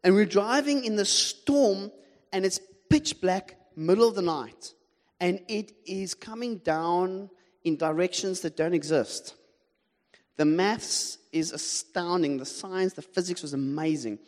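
South African preacher with a ringing hall echo. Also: male voice, high voice, unhurried. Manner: animated, humorous, questions the audience. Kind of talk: sermon with personal storytelling. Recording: long hall reverb.

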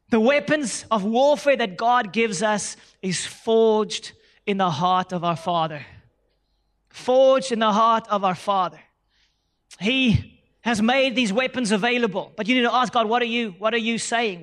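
A pastor with a very high, slightly bright voice preaches an emphatic sermon, repeating key phrases and having the congregation say lines back to him as he builds each point step by step.

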